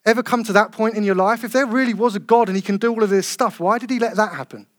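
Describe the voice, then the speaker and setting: A man preaching a sermon, earnest and emphatic, slowing down to stress key phrases. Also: sits high, fairly bright tone.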